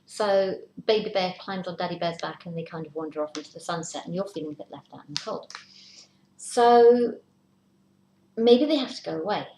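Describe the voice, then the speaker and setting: Speaking at a normal pace in a fairly low, dark voice, this woman chats her way through a casual tarot reading. She sometimes drops to a whisper to voice worried thoughts, and the recording has room echo and a light hiss.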